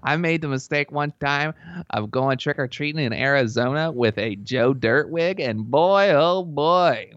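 Gravelly boastful man, Southern twang. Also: medium pitch, expressive, normal speed, dry recording. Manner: boastful, rambling, easily sidetracked. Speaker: comedic advice giver. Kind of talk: comedy podcast bit. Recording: dull lo-fi recording.

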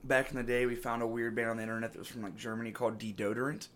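A man's voice: mid-range voice, level tone, rapid-fire, a bit bright. A man co-hosting a casual podcast chat, rambling, laughing often and trailing off mid-sentence. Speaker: podcast co-host.

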